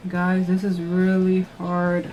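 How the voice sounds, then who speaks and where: A woman with a slightly low voice talks her viewers through a makeup routine in a casual, chatty way. She is jittery and excitable, breaking into gasps and squeals. Soft guitar music plays faintly behind her. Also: takes it slowly. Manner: nervous, excitable, squealing and gasping. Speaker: beauty vlogger. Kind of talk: casual makeup tutorial chat.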